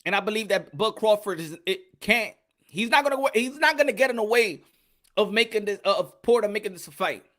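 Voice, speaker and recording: A man's voice: sits high, brisk. A man hosting a live boxing stream, chatting casually and animatedly, repeating himself and greeting viewers in the chat. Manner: animated, repetitive, shouting out chat names. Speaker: boxing channel host.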